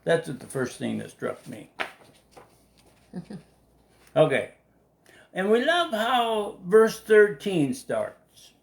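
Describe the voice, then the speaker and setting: A man teaching a relaxed Bible study, talking slowly and deliberately. His pitch swings widely as he laughs and acts out the voices in the story. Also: vocal fry. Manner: animated, laughing, acting out quotes. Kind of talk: casual live Bible study.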